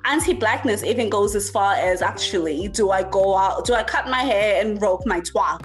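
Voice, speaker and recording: A woman's voice: medium pitch, moderate pace, faint music behind. A woman talking in a casual chat, earnest and reflective, with many fillers. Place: works in the UK.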